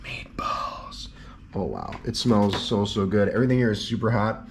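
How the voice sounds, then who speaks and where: Excitable man vlogging a food tasting. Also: on the low side, fairly quick, noisy background. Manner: excited, exclaiming over each dish. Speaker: travel vlogger.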